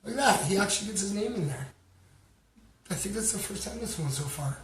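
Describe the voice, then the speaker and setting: A talkative Canadian man with a high voice hosts a casual livestream, rambling along, filling pauses with lots of "um," and stopping to give viewers shout-outs by name. The room sounds hollow, with a steady background hum.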